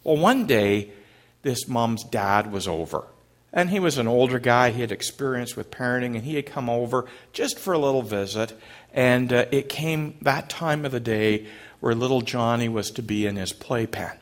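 A middle-aged man, a pastor, preaching a sermon and telling a story in a gentle, halting way. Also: mid-range voice.

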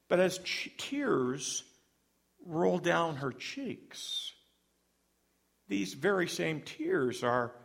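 A middle-aged man preaching a sermon, with a dramatic delivery that rises suddenly and drops soft. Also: on the high side, gravelly. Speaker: pastor.

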